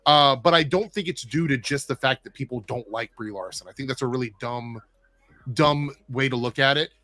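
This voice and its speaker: A man's voice: mid-range voice, pushed and bright, no room sound. A man hosting a casual livestream chat, reading viewer messages and giving his opinions. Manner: opinionated, talks fast, reads viewer messages. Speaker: show host.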